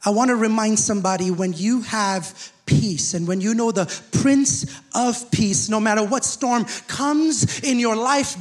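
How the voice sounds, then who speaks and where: A man preaching a sermon as pastor, animated and rising to shouts, often asking the congregation questions. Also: extremely high pitch, unhurried, few pauses, soft background music.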